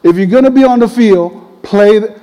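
A man voicing his blunt, terse older father, talking in clipped, gruff phrases. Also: sits high, normal speed, warm tone, natural voice. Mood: stern. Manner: clipped, gruff, few words. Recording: long reverb of a large hall.

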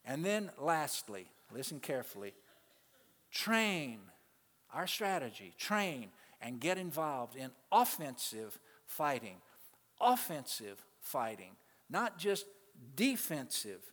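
A male pastor preaching a sermon to his congregation, swinging between loud, emphatic peaks and quiet asides and calling out to the people in the pews. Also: fairly high pitch, big pitch swings, takes it slowly. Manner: calls out to the congregation. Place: church sanctuary. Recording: long reverb of a large hall.

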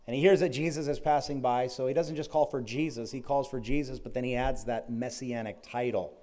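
Male preacher, warm and mellow, conversational storytelling sermon. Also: mid-range voice, fairly even intonation, fairly quick. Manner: storytelling, quietly voicing Jesus' words. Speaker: pastor.

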